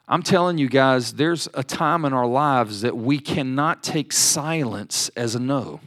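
A man delivers a sermon in a slightly raised voice. He swings between quiet explanation and bold, emphatic declarations, sometimes voicing heartfelt pleas in prayer. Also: a little high. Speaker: pastor.

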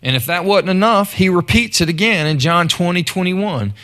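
A man's voice: sits high, animated, moderate pace, few pauses, a bit bright. A man preaching a sermon in a conversational storytelling way. He often repeats words and calls out to the congregation.

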